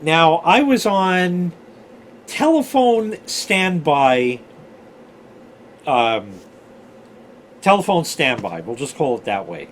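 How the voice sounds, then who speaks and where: With frequent pauses and a slow delivery, this fortysomething storyteller host spins old tales casually, cursing freely and drifting into side stories. His voice is a little high and swings widely in pitch, with a little hiss or hum in the recording.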